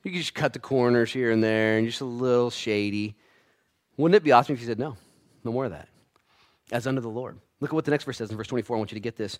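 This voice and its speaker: A man preaching in a church, his mid-range voice climbing and pushing louder as he rallies the congregation, then dropping low for quiet asides. His delivery is lively and casual, with playful humor. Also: fast talker. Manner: animated preaching, swings from loud to hushed, playful asides. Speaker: pastor. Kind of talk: sermon.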